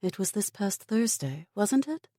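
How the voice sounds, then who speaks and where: A woman reading as a gentle woman doctor. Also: medium pitch, sing-song, a little slow, no echo, studio quality, voice pushed up.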